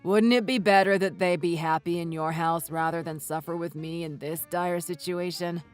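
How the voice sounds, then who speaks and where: A man's voice: on the high side, fairly even intonation, moderate pace, clean tone, faint music behind, close to an everyday voice. A man voicing a defensive husband in a text-message story, speaking stiffly and scoldingly. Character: defensive husband and brother-in-law.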